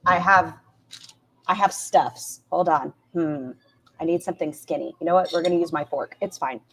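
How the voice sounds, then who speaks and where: A middle-aged woman reacting to clips on a stream, sarcastic and full of animated asides. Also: low-pitched, normal speed, slight background noise. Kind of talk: casual commentary on clips.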